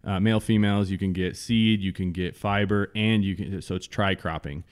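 A man's voice: sits low, fairly even intonation, normal speed. A man with a frank, rambling way of talking, chatting casually as a hemp farmer on a podcast.

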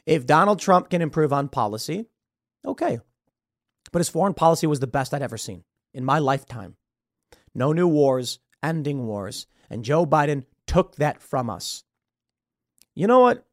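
A man hosting a podcast, giving opinionated, animated political commentary into a studio mic. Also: a little high, normal speed, long pauses, no echo. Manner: opinionated, animated, slips into impressions. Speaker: podcast host.

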